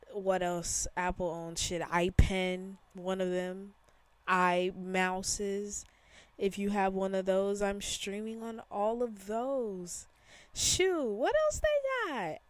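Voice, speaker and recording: A young woman from Chicago hosts a solo podcast from her bedroom. She talks at an unhurried, drawn-out pace, rambling from one thought to the next. Her chat is casual and slangy, and she laughs easily. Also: mid-range voice, dry recording. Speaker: podcast host.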